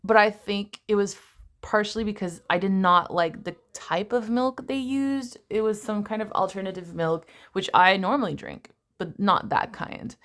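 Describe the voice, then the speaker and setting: A woman's voice: medium pitch, normal speed, a bit bright. A young woman, an actress, reading a book passage aloud at home and then chatting casually, swearing and laughing at herself. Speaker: actress vlogger.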